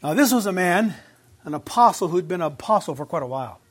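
A man preaching a sermon with a high-pitched voice. He repeats words for emphasis, reads scripture aloud and asks the congregation questions. He sometimes drifts away from the mic. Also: lively intonation, quick pace, husky. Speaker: pastor.

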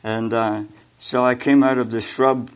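An older man giving a sermon with personal testimony, halting, with many fillers and repeated words, and growing louder and more emphatic when he exhorts. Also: mid-range voice, little pitch movement, smooth. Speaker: preacher.

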